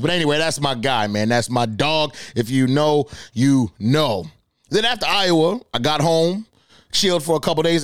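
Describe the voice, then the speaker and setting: A man's voice: a little high, no room sound. A young man from the Boston area hosting his own podcast in a casual solo monologue. He sounds hyped, swears freely, uses plenty of slang and talks straight to his listeners from his home studio. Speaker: podcast host. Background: faint hip hop music.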